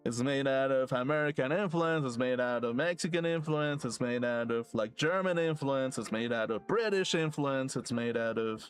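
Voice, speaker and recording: Male streamer, mid-pitched, loose profane ramble, faint game music behind. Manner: rambling, profane, laughs to himself. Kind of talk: casual rambling rant while gaming.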